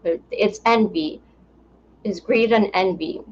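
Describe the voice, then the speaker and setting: A woman's voice: medium pitch, takes it slowly. A woman co-hosting a casual podcast, chatting and reading out listener questions. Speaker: podcast co-host. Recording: dull lo-fi sound with faint noise.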